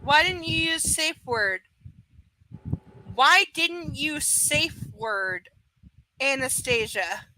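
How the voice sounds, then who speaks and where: A woman's voice: very high voice, animated, measured pace, few pauses, sharp tone, slight background noise, heavily acted, poor audio. A woman reading the lines of a brooding, controlling young man in an insistent, accusing tone.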